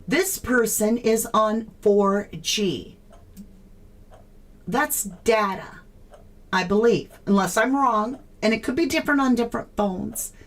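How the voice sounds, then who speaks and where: A woman's voice: fairly high pitch, slow. A woman hosting a true crime livestream, puzzling aloud in casual chat and greeting viewers by name.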